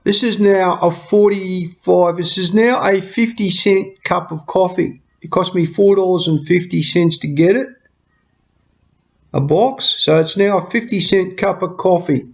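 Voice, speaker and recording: Speaking from home, a budgeting vlogger talks earnestly to the camera in a rambling, homely, casual style. His voice is high, gravelly and unhurried, and the lo-fi sound is slightly muffled.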